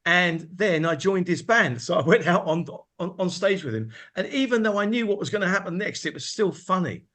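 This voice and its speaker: A man on a review panel talks in a casual, eager way. His voice sits high for a man. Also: expressive, a little fast, few pauses, fairly bright tone. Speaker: panel judge, record producer.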